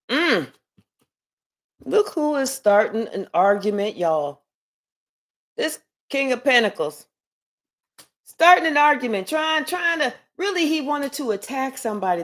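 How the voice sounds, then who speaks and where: Woman tarot reader, casual live stream, rambling and profane, slightly high voice. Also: sing-song, unhurried, long pauses. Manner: rambling, chatty, swears freely.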